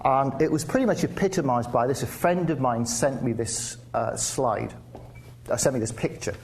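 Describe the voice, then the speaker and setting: A man's voice: mid-range voice, normal speed, vocal fry. A man from England giving a conversational public lecture with wry asides and frequent restarts. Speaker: guest speaker. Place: lecture theatre. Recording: faint background noise in a lecture hall.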